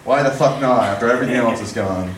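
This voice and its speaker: A young man performing a rambling stand-up set, slipping into quick character voices, recorded in an echoey room from far off. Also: medium pitch, slight background noise. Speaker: stand-up comedian. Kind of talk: open-mic stand-up set.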